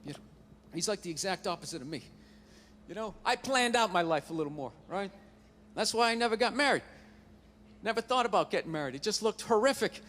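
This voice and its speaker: A man's voice: sits high, animated, brisk, pauses often, a bit bright, big-room sound, a little hiss or hum. A man doing a stand-up routine on a comedy stage, with a profane, ranting delivery into a handheld mic.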